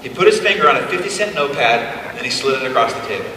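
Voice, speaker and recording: A man in his forties giving a motivational keynote, telling stories in an animated, conversational way with emphatic asides. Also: mid-range voice, fast, a little hiss or hum. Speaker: keynote speaker. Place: large event hall, live on stage. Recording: echoey hall taped from far off.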